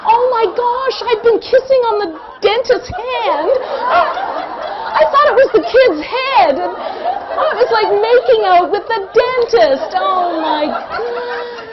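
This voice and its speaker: A middle-aged woman telling a humorous personal anecdote in an animated way, often laughing. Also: very high voice, takes it slowly, muffled recording, a loud crowd. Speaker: storyteller.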